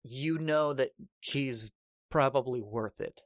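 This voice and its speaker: A man's voice: medium pitch, slow, dry recording, studio quality. Man narrating as game master. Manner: relaxed, hesitant narration with fillers.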